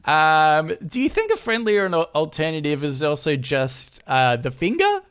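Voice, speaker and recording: A man's voice: a little high, huge pitch swings, a bit bright, clean tone. A man with an Australian accent, co-hosting a casual podcast chat over a remote recording, joking and laughing often. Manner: giggly, quick to laugh, joking. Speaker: podcast co-host.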